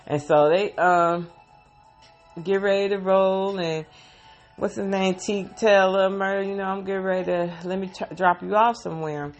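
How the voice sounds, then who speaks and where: A woman's voice: lowish voice, vocal fry, a little mellow. Emotional woman recapping a TV episode. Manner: emotional, sighing, heartfelt retelling. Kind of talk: casual spoken episode recap. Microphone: phone.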